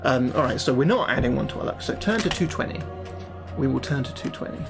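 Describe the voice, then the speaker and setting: A livestreamer reads a solo fantasy gamebook aloud, breaking off to chat casually with his viewers and swearing freely. He talks fast with vocal fry and lively intonation in a mid-range voice, music playing in the background.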